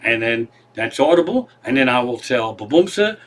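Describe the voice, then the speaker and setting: A man's voice: mid-range voice, sing-song, normal speed, hardly any pauses. A man doing a comedic monologue from his living room, with a meandering, profane, self-deprecating manner. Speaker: comedian host.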